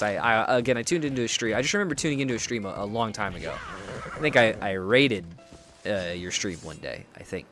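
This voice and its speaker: Lively, low-voiced American man streaming a game. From United States. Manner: rambling, self-deprecating, thinks aloud with frequent restarts. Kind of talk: live gameplay commentary, chatting with viewers.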